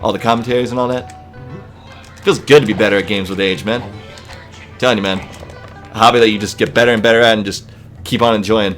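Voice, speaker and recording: A young man rambling casually about a video game as a let's play commentator, often halting and restarting. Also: on the low side, fairly even intonation, fairly bright tone. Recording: voice with game music behind.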